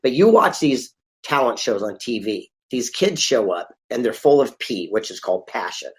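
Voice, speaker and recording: Man telling lively stories in conversation. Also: medium pitch, normal speed. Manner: lively anecdotal, acts out dialogue. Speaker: podcast guest. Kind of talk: conversational storytelling.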